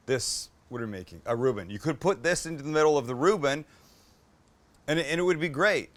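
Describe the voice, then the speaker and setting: Cooking at a flat-top grill in his kitchen, a middle-aged show host talks with easy enthusiasm, tossing out jokes and the occasional curse word. He speaks in a mid-range voice with a slightly bright edge.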